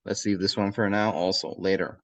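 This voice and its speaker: A man's voice: deep voice, steady tone, no echo. A man teaching a language lesson, repeating short phrases and often checking in with the learner. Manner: repeats phrases slowly, checks in with "okay?" and "yes?". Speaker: Arabic teacher.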